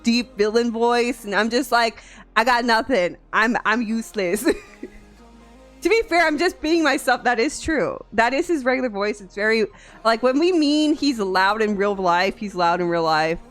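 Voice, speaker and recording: A woman from Tennessee chats loosely with her viewers in a soft, fairly high voice. Her pitch jumps around a lot, and she swears freely and laughs often. Faint music plays underneath. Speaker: streamer. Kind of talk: casual chat with viewers.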